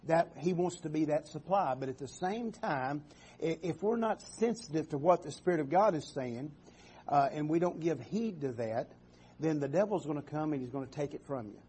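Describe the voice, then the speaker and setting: Halting preacher with a husky, mellow voice. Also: male voice, fairly high pitch, animated. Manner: halting, repeats words, calls for amens. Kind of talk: sermon.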